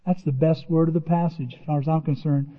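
A man preaching a sermon, emphatic and animated, often exclaiming and repeating words as he reads verses. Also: a little high, brisk. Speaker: pastor. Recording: reverberant hall, dull lo-fi sound.

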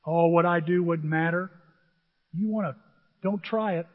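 A middle-aged man preaching a sermon as pastor, animated, swinging between shouting and near-whispers, with a husky voice. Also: fairly high pitch, a little slow. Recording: dull, hall reverb.

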